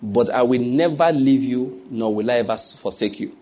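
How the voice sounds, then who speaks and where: A man's voice: medium pitch, moderate pace, dark tone, a little hiss or hum. A man with a Nigerian accent preaching a sermon as a pastor, asking rhetorical questions and mixing in humor.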